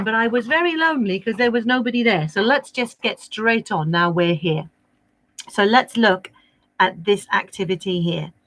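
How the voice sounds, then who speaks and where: A woman's voice: medium pitch, fairly bright tone, dry recording. A woman teaching a livestreamed maths lesson to young children, cheery and coaxing in a sing-song teacher voice. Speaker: primary school maths teacher.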